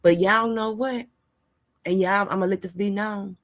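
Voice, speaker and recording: Speaking at a measured pace with a steady tone and medium pitch, a gossip and news channel host addresses her audience directly. Her casual vlog monologue is chatty and meandering, filled with sincere advice about life.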